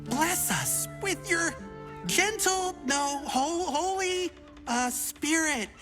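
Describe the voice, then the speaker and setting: A woman's voice: extremely high pitch, animated, slow, music in the background, full character voice. A woman voicing a bubbly, silly young adventurer in a video game who keeps trying out new classes and talks in a playful, theatrical, teasing way.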